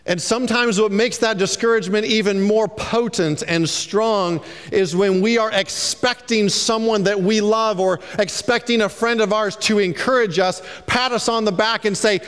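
A man's voice: high-pitched, measured pace, fairly bright tone, clean tone, long reverb tail. A man preaching a sermon, telling stories and acting out the lines of the people he quotes. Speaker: pastor.

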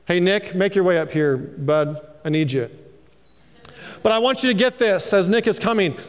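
Animated male pastor, high voice, preaching in a reverberant sanctuary. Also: normal speed, clear, resonant tone. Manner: animated, preachy, calls for amens. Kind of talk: sermon.

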